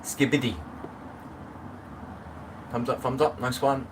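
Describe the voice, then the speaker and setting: A middle-aged livestream host chats casually, rambling and greeting viewers by name in a mid-range voice with a slow, flat delivery. A distant phone mic picks him up along with noise.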